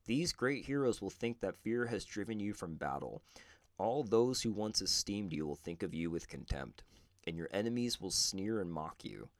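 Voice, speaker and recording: Brief: man reading a god's exhortation to a warrior, low and grave, measured scripture delivery. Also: expressive, no room sound, studio quality. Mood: solemn. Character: divine male charioteer-teacher exhorting a warrior, stern.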